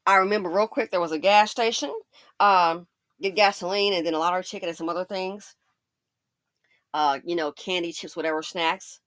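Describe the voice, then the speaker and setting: Woman ranting on her commentary channel, casual storytelling, jumps way up in pitch when she does other people's voices, dry close mic. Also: fairly quick, dry recording. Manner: animated storytelling, acts out quoted voices with big pitch jumps.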